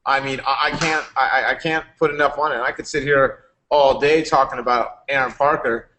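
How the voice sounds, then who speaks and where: Energetic bright-voiced man giving a pep talk. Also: medium pitch, normal speed. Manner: energetic, rambling, repetitive. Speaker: company founder addressing members. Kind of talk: live stream motivational speech.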